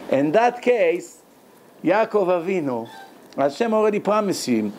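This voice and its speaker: A man giving a Torah lecture as a rabbi, animated and dramatic, laughing often and acting out quotes. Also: high-pitched, a little slow, slight background noise.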